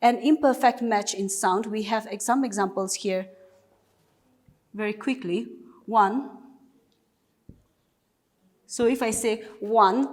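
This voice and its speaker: A woman's voice: medium pitch, long reverb tail. A woman with a Nagaland accent, teaching an English class and patiently explaining step by step with repeated examples.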